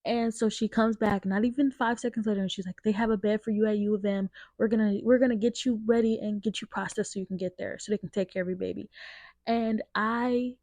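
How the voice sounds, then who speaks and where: A woman's voice: medium pitch, steady tone, brisk, darkish tone, no room sound. A young woman talks through a personal story for her podcast, candid and emotional, dropping "like" between phrases. Her voice sits in a middle register, and the recording is dry, with no room around it. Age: young adult. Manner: emotional, candid, with frequent fillers like "like". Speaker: podcast host. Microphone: changed to a lower-quality mic partway.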